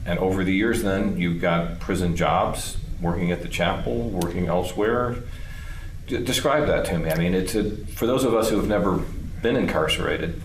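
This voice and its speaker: A man interviewing a guest, asking thoughtful, measured questions. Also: sits low, echoey room, slight background noise, low-quality recording.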